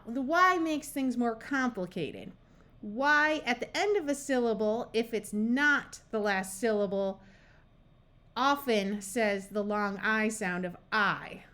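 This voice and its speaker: Slow, patient American woman teaching phonics. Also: medium pitch, fairly bright tone. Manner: patient, spells out sounds and words one by one. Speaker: reading tutor. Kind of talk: slow, careful phonics lesson.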